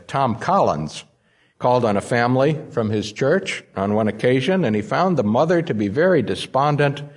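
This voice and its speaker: A man preaching a sermon, stressing key words by repeating them. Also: mid-range voice. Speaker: pastor.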